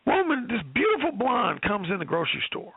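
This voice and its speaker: A man working as a dating coach, telling a story in a profane, animated way, with lots of quoted dialogue. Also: very high voice, a little fast, husky, no echo, narrow, tinny audio. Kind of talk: storytelling on a call-in show.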